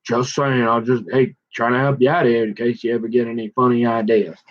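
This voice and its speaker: A man of middle pitch talks in a rambling, halting monologue, often slipping into a raised voice to act out bits of dialogue. The recording is dull and lo-fi, with the top end muffled. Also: level tone. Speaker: vlogger.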